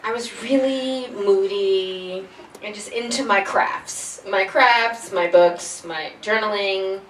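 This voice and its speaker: A woman author talking casually on a panel, animated and jokey, often breaking into laughs. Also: mid-range voice, slow. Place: bookstore event room with audience. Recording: echoey room, distant mic, crowd noise.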